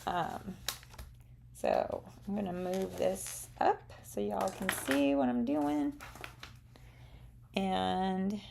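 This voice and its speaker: Slow, gravelly Southern woman. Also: medium pitch, fairly even intonation, warm tone, a little hiss or hum. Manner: chatty and rambling, with frequent ums. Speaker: craft demonstrator hosting a live stream. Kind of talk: casual live demo chat with viewers.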